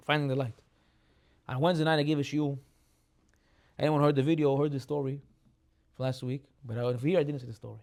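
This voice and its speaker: A rabbi preaches at a rapid clip in a slightly high voice. He keeps repeating his key lines and scatters Hebrew terms through the talk. His volume often climbs to loud, emphatic peaks. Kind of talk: sermon.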